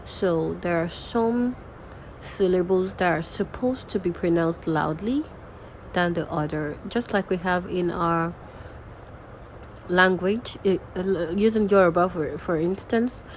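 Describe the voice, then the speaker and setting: A woman's voice: lowish voice, slow, slight background noise, poor audio. A young woman teaching a recorded diction lesson, patiently repeating example words aloud. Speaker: diction and grammar tutor.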